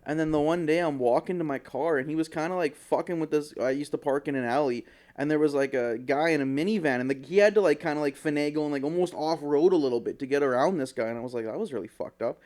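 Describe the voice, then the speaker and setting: This podcast co-host speaks quickly in a slightly high voice, barely pausing as he animatedly tells a story, swearing without restraint and acting out quotes.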